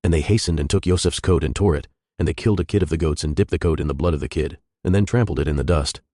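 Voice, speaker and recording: A man reading scripture aloud as scripted narration, in a steady, solemn manner. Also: very deep voice, fast, dry recording, clean studio sound. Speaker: scripture reader.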